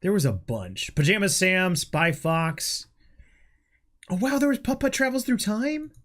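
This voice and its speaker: A man's voice: high voice, sing-song, a little slow, a bit bright. Guy on a podcast reading his story out, jokey, laughs a lot, voice goes all over the place. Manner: laughs often, playful teasing. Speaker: podcast co-host. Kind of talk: casual chat reading a story aloud.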